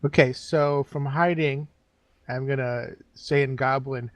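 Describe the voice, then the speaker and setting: A man playing in a tabletop game, talking in a quick, eager way. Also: medium pitch, little pitch movement, no echo. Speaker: player. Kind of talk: casual tabletop play.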